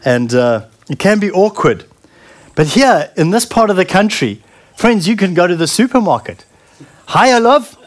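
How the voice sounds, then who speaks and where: A middle-aged man preaching a sermon in an earnest, heartfelt way, often pausing and repeating words. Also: high-pitched, sing-song.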